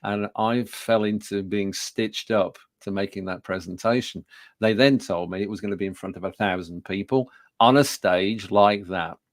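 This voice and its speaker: His voice sits on the low side at a moderate pace, captured with studio quality and no room sound. The speaker, a Birmingham-born public speaking trainer in his 60s, shares self-deprecating stories in a business talk to an audience, frequently restarting and using fillers.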